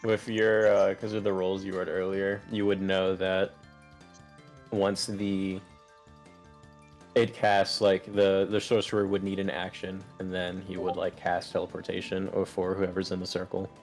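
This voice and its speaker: A man's voice: sits low, monotone, measured pace, faint music behind. A young man acting as game master, narrating loosely with lots of filler words. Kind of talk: running a tabletop game over voice chat.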